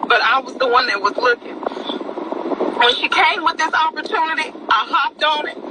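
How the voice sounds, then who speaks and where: A woman giving an emotional testimonial, fighting back tears as she talks. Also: high-pitched. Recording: noisy outdoor traffic background.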